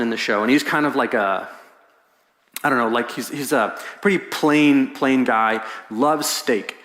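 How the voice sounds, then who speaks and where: In the echo of a large church hall, a pastor preaches, his mid-range voice bringing a story to life. He's animated and acts out the voices of the people in the tale.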